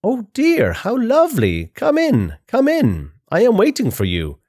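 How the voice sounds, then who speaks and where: A man's voice: sits high, huge pitch swings, measured pace, a little mellow, no echo, clean studio sound, voice pushed up, heavily acted. A man doing a fluttery, kindly old grandma. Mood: delighted.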